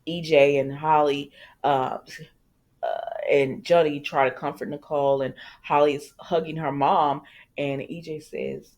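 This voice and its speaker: A woman's voice: sits low, fairly even intonation, measured pace, darkish tone. A woman hosting a casual soap opera recap, chatty and talking straight to her viewers. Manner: chatty, addresses viewers as "y'all".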